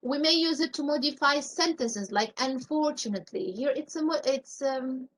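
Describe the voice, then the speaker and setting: Woman teacher, high voice, going over grammar rules in a live class, lots of examples and quick questions to students. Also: a little hiss or hum, low-quality recording. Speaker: English teacher.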